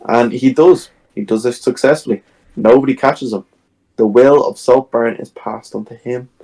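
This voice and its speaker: A man's voice: mid-range voice, normal speed, husky, low-quality recording. A man co-hosting a podcast, retelling a film's plot in casual chat and acting out its scenes. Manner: animated retelling, acts out scenes. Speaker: podcast co-host. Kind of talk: casual film discussion.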